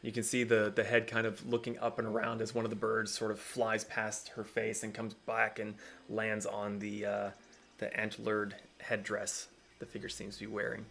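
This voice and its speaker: A man's voice: fairly low pitch, monotone, normal speed, creaky, a bit bright, slight background noise. A man acting as dungeon master, narrating a tabletop game with frequent ums and restarts.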